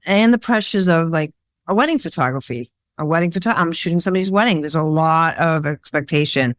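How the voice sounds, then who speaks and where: A woman photographer being interviewed, talking in a rambling, animated storytelling way with lots of fillers. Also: low voice, fairly quick, no room sound, studio quality. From Worcester, Massachusetts area. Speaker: guest, photographer. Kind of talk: casual interview chat.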